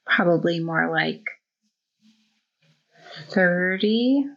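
A woman in her thirties, a podcast guest, answering in a slow, hesitant, thoughtful way. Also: fairly low pitch, a bit bright. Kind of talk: conversational interview. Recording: dull lo-fi audio.

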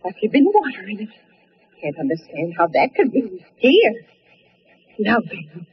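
An actress playing a fretful, folksy older aunt, in 1940s radio acting on a muffled old recording. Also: female voice, mid-range voice, sing-song, a little slow, slightly rough, exaggerated voice. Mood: overjoyed. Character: Aunt Lou, older rural woman, fretful.

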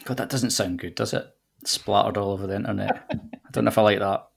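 A man in his forties with a Scottish accent, chatting on a podcast as a guest and telling relaxed, nostalgic stories with plenty of fillers. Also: lowish voice, fairly quick, gravelly, slightly rough. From southwest Scotland. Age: 40s. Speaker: golf links manager guest. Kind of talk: casual podcast chat.

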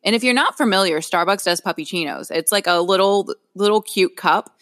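A woman's voice: medium pitch, a little fast, fairly bright tone, dry recording, studio quality. A middle-aged woman co-hosting a podcast, telling a story in casual chat, laughing often and acting out what others said. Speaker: podcast co-host.

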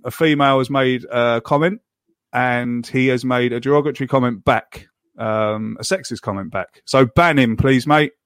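A man's voice: mid-range voice, no room sound, studio quality. A man hosting a casual football podcast, chatting and moderating the live chat. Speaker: podcast host.

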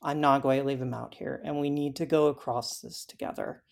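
A woman as an interview guest, telling her story in a halting way with frequent fillers. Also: rumbling low, fairly even intonation, creaky. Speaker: interview guest recounting a hike.

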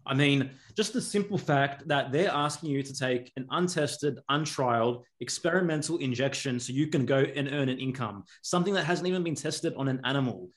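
A man's voice: medium pitch, a little fast, hardly any pauses. A man co-hosting a podcast who talks in a laid-back, casual way and swears now and then. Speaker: podcast co-host.

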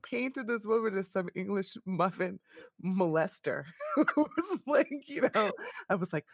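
Woman, 30s, mom co-host. Gravelly, dry-miked, animated storyteller who laughs often. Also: mid-range voice, a little slow, no room sound. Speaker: podcast co-host. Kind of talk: casual chat.

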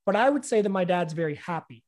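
A middle-aged man hosting a relaxed talk. He tells a story, then asks a reflective question. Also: high-pitched, fast talker. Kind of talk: casual conversational interview.

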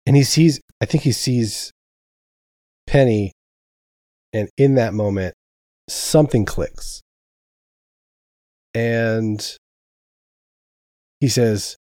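A man's voice: mid-range voice, drawn-out words, long pauses, no room sound, studio quality. A man describing his character's actions in a tabletop game, hesitant with many fillers. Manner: hesitant, then loud and profane. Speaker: player.

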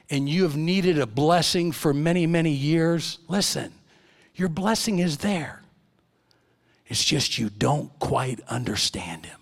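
A middle-aged man preaching a sermon in church, telling stories animatedly and swinging between loud and hushed. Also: a little high.

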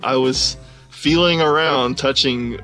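A man telling a personal story in an animated way, often laughing as he talks. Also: medium pitch, slow, soft background music.

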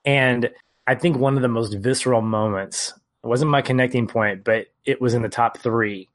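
A man's voice: medium pitch, normal speed. A man co-hosting a casual film podcast, earnestly retelling scenes and his reactions. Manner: earnest, storytelling recap. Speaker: podcast co-host.

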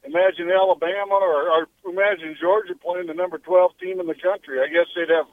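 A man's voice: high-pitched, steady tone, fairly quick, no room sound. A man calling in to a radio show, rambling and hesitant as he thinks aloud over a phone line. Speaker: caller. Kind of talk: call-in radio chat.

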